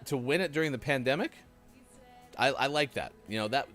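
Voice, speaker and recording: A man co-hosting a morning show, reading lottery stories in a relaxed, joking way. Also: mid-range voice, brisk, faint music behind. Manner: relaxed, joking, reads from a list. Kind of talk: casual chat, reading news items.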